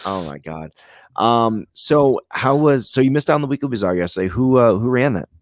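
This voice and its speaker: A man's voice: medium pitch, expressive, fairly quick, dry recording, clean studio sound. A man from Vermont co-hosting a podcast, chatting casually in a rambling, joking way with a lot of swearing. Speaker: podcast co-host. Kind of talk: casual chat.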